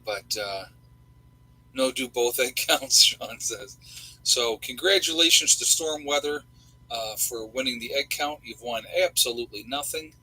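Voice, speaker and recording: Rambling folksy man with husky voice. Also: medium pitch, unhurried, sharp tone, rough recording. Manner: rambling, folksy, many fillers. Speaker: livestream host. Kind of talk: casual livestream chat.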